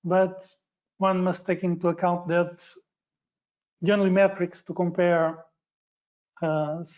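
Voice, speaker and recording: A man's voice: high voice, little pitch movement, takes it slowly, narrow, tinny audio. A man with a Portuguese accent, a native Portuguese speaker, giving a webinar presentation in English with many fillers and self-corrections. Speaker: guest speaker.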